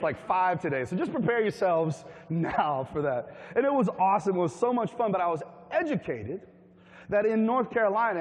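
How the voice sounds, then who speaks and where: A man from Tennessee preaching a humorous storytelling sermon, chatty and animated, asking his congregation questions. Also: sits high, in a large hall. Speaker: pastor. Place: church hall with a congregation.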